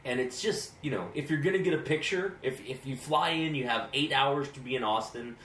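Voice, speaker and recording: A man's voice: medium pitch, fairly quick, fairly bright tone. A man from Texas, a podcast co-host, chatting casually and enthusiastically, often stammering through restarts. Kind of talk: casual chat. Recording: roomy echo with faint hiss.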